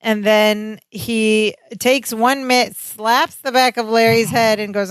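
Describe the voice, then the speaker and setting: A woman's voice: a little high, fairly even intonation, takes it slowly, few pauses, clear, resonant tone, no room sound. A woman co-hosting a podcast, casually recapping a sitcom episode and quoting the characters' dialogue. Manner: conversational, quotes characters' dialogue. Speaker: podcast co-host.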